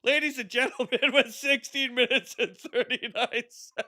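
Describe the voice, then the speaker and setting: A man streaming comedic wrestling commentary, loud, joking and cursing, with faint music behind him. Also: very high-pitched, fairly even intonation, unhurried. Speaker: streamer doing fight commentary.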